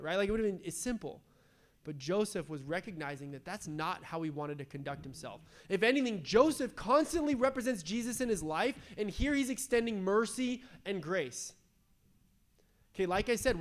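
High-voiced young man preaching casually. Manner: conversational preaching, tags with "right?", acts out voices. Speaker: pastor. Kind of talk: sermon.

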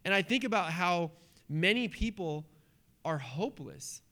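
A man preaching a sermon in a church, animated and conversational, with sudden hushed drops. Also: high voice, a little slow. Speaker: pastor.

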